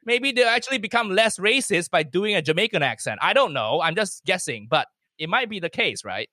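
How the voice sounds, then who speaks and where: Brief: comedian from Malaysia, man, high bright voice, quick and emphatic, dry close sound. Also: very animated, no echo. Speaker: comedian, podcast guest. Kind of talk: casual chat.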